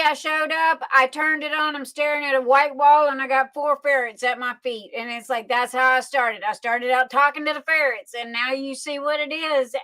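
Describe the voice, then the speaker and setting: A woman's voice: sits high, sharp tone, dry recording. A woman from New Orleans with a Southern Louisiana accent, hosting a casual livestream chat in a chatty, folksy way. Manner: chatty, folksy, calls people honey and sweetie. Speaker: livestream host.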